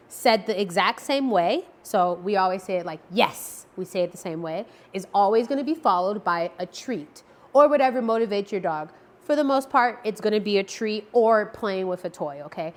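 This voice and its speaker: A woman dog trainer talks straight to the camera in a relaxed, casual way. She keeps checking in with a quick "okay?" and acts out each cue word in a bright, playful tone. Her voice sits at an ordinary middle pitch. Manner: friendly, repeats "okay?" to check understanding; acts out marker words with lively tone changes. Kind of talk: casual instructional talk to camera.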